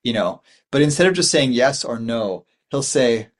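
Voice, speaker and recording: A man's voice: medium pitch, animated, moderate pace. A man in his forties giving a dharma talk as a Buddhist meditation teacher, rambling and thoughtful, with many fillers and restarts.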